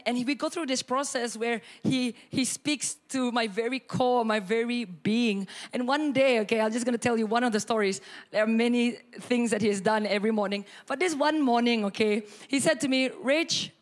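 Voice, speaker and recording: A woman pastor, preaching and telling a personal story with animated, expressive delivery. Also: normal speed. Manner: animated storytelling, acts out quotes with sudden high bursts and laughter.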